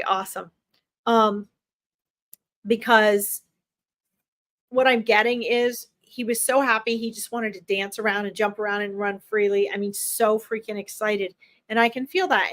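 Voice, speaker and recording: A woman's voice: mid-range voice, fairly bright tone. A woman animal communicator giving an earnest, emphatic pet reading on a livestream, often repeating herself. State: tearing up.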